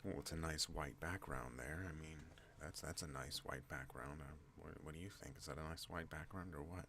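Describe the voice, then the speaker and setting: A man hosting an ASMR channel, talking in a slow rambling way and drifting off on tangents. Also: a little hiss or hum. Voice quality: deep relaxed voice. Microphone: non-binaural desk microphone.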